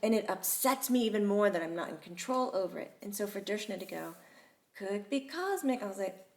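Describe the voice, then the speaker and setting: A woman hosting a casual chat, telling stories in an animated, chatty way. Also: mid-range voice, fast talker, creaky. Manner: chatty, animated storytelling with laughter. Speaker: host.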